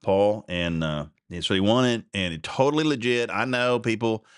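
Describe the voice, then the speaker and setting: A man's voice: on the low side, moderate pace, clean tone, no room sound, clean studio sound. A middle-aged man hosting a radio show in a rambling, folksy, chatty way with many restarts. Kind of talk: casual radio talk.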